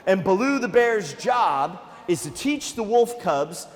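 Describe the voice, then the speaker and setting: A man, a nature museum educator, telling a story to children in a playful, animated way and talking straight to the kids. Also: high-pitched, slow pace, big-room sound.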